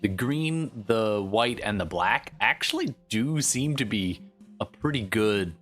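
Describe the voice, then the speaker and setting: A man running a tabletop game as game master, talking in a relaxed, rambling way with frequent fillers. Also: fairly low pitch, takes it slowly, soft background music.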